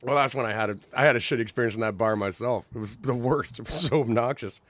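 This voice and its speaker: A man's voice: medium pitch, fast, dry recording. A man co-hosting a podcast, chatting casually and acting out the people in his stories. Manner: animated storyteller, acts out other people's lines. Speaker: podcast co-host. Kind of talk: casual chat.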